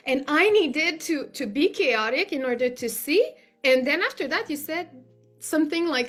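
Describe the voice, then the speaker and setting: A woman's voice: sits high, expressive, moderate pace, soft background music. A woman giving an earnest, effusive testimonial as a client, often using "like" as a filler. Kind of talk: heartfelt spoken testimonial.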